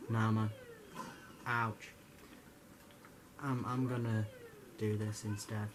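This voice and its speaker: A man's voice: lowish voice, flat delivery, slow, pauses often, over music. A young man giving jokey, rambling commentary over his gameplay, stammering and swearing now and then. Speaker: gamer.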